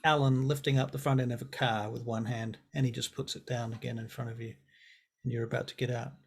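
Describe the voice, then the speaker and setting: Gravelly-voiced man running a tabletop game. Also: medium pitch, little pitch movement, fast talker. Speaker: game master.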